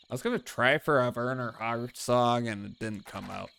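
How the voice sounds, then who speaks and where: A man's voice: medium pitch, animated, moderate pace, vocal fry, few pauses, pushed and bright. A man streaming a video game, chatting casually and joking, swearing offhandedly. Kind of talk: casual commentary while playing a game.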